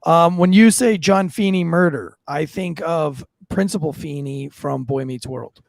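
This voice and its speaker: A man's voice: a little high, measured pace, vocal fry, no echo. A man in his thirties, a former police officer co-hosting a true crime podcast, talking in blunt, profane, joking banter. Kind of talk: casual banter.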